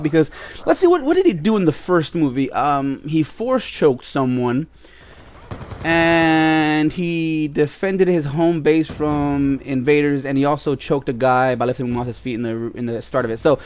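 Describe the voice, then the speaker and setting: A man vlogging casually, telling stories in a flippant, rambling way with asides to his viewers. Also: on the high side. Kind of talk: casual storytelling to camera.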